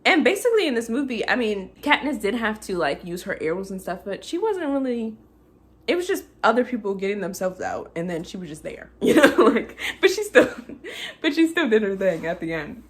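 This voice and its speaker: A woman's voice: medium pitch, big pitch swings, a little fast. Chatty woman ranting about a movie. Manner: emotional, laughing, chatty with many fillers. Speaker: movie reviewer. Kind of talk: casual movie recap rant.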